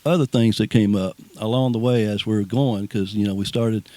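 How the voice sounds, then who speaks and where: A man's voice: on the low side, fairly even intonation, brisk, dark tone, no room sound. Folksy man giving a speech. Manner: rambling, folksy, repeats words and restarts. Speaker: speaker at a ribbon cutting. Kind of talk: informal outdoor speech. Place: outdoors at a nature preserve.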